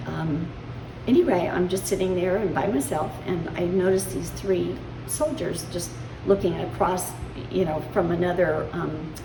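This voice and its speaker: A woman in her seventies, a veteran recounting memories in an interview, in a halting way with many fillers. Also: fairly low pitch, gravelly. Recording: roomy, distant mic, ambient noise.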